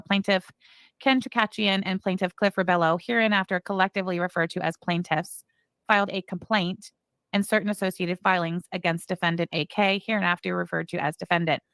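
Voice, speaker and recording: A woman's voice: fairly low pitch, vocal fry, a bit bright, no room sound. A woman hosting a commentary stream, reading court filings aloud with sarcastic, mocking asides. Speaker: commentary channel host.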